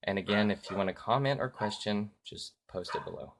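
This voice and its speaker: A man giving a political rant on a live stream, halting and full of fillers at first, then loud and heated with swearing. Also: fairly low pitch, background noise. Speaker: political vlogger.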